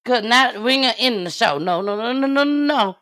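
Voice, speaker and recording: A woman's voice: a little high, expressive, fairly quick, fairly bright tone. A woman host giving blunt, outspoken commentary in on a live talk show.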